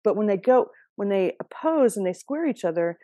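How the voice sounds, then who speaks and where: A woman's voice: mid-range voice, expressive, normal speed, mellow, no echo, clean studio sound. A woman giving a casual astrology reading, chatty and direct, often checking in with her listeners. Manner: chatty and direct, with frequent laughs and "okay?" check-ins.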